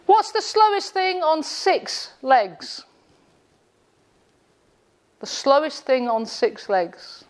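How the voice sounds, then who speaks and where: A woman's voice: high voice, big pitch swings, very slow, long pauses. A woman giving a classroom lecture with jokes, sarcastic and quizzing her audience in a room. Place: indoor room with a live audience.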